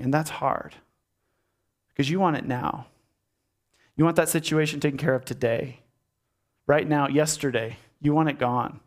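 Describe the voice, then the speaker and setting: A man preaching a sermon as a pastor, earnest, with repeated phrases and rhetorical questions, sometimes dropping to a soft, low delivery. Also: fairly even intonation, normal speed, long pauses.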